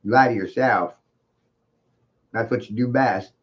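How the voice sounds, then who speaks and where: A man lecturing an unseen livestream audience in a mocking, sing-song way, circling back to the same phrases and firing off rhetorical questions. His voice sits in a middle pitch, and the stream audio is muffled and lo-fi. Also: unhurried. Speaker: livestream host. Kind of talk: taunting livestream monologue.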